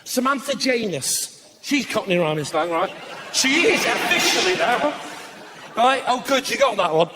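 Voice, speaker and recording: High-voiced cheeky stand-up man. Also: very animated, over a noisy crowd, heavy background noise. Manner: brisk, cheeky, bursts into shouted punchlines. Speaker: stand-up comedian. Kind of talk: live stand-up comedy. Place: live comedy stage before an audience.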